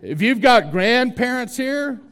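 A man's voice: extremely high pitch, very animated, a little slow, fairly bright tone. A man preaching a sermon as pastor, emphatic, repeating key phrases and speaking straight to his congregation. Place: church hall with a congregation.

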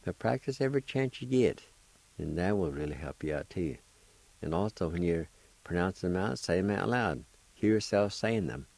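A man hosting a radio language lesson, spelling out words and repeating each syllable deliberately. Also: low voice, lively intonation, gravelly, a little mellow. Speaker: language teacher and radio host.

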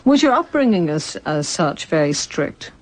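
A woman's voice: low-pitched, sing-song, normal speed, rough recording. A woman presenting a radio interview, chatting easily and laughing along with her guest.

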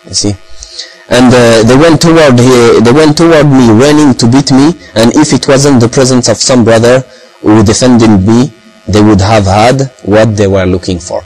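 A man for whom English is a tells a story in a loose, rambling way, full of fillers and phrases. His voice sits in a middle pitch. A steady mains hum runs under the recording. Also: moderate pace, rough recording. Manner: rambling, heavy use of fillers and Arabic phrases. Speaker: speaker recounting experiences. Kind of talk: casual talk in English.

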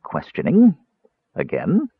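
A man voicing a smooth, mild-mannered elven high priest who is quietly menacing, on a tinny, dry recording. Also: wildly swooping pitch, slow, dry recording, exaggerated voice. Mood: cold.

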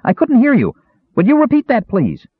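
A man voicing a shrill, cheerful, excitable kender who talks loudly and eagerly. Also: normal speed, breathy edge, dry recording, narrow, tinny audio, heavily acted. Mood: excited. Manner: loud and eager.

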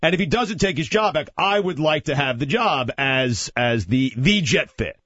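A man's voice: a little high, animated, normal speed, a bit bright, no room sound, dull audio. A man co-hosting a sports radio show in casual banter, insistent and boastful, repeating his points.

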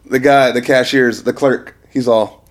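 A man's voice: medium pitch, fairly even intonation, a little slow. A man telling profane, laughing stories in a casual chat among friends.

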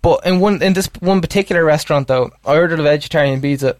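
A man's voice: fairly high pitch, quick pace, dry recording. Man telling rambling stories, dry sound. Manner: rambling anecdotal storytelling, laughs often. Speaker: podcast co-host. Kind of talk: casual chat.

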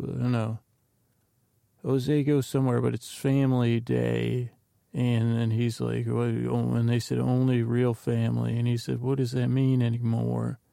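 A man's voice: mid-range voice, vocal fry, mellow, clear, resonant tone, dry recording, studio quality. A man hosting a podcast, rambling through an episode recap from his notes with meandering asides. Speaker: podcast host.

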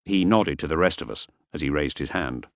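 A man narrating a first-person audiobook in a measured, understated way. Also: rumbling low, dry recording.

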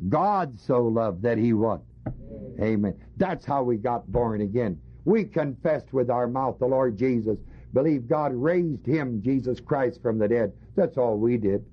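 Husky-voiced male preacher teaching scripture. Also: mid-range voice, lively intonation, a little slow. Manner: emphatic teaching with rhetorical questions to the congregation. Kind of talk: sermon. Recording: dull lo-fi recording.

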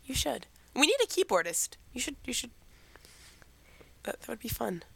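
A woman's voice: fairly high pitch, very animated, moderate pace, gravelly, sharp tone, slightly rough, no room sound. A teenage girl co-hosting a podcast, chatting in a rambling way about her week while getting over a cold. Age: teens. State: recovering from a cold. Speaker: podcast co-host. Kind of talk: casual chat.

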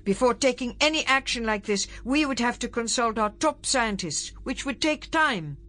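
A careful, authoritative statesman lays down the law, read by a woman narrator with a lively, rising delivery. He is measured and firm, in a storybook reading. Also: on the high side, pitched above the performer's own voice. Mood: firm caution. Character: cautious male government secretary, firm.

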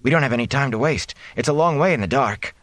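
An earnest young farm lad pleads in a lifted, worried voice, as a man reading a storybook plays him. The delivery is urgent but kept low, with a dry, close sound. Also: fast talker, a bit bright, no room sound, close to an everyday voice. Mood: anxious, urgent.

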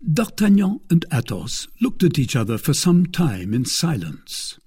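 A male audiobook narrator telling a classic adventure story. His delivery is slow and expressive, with a lively, wide-ranging pitch. The voice itself is husky.

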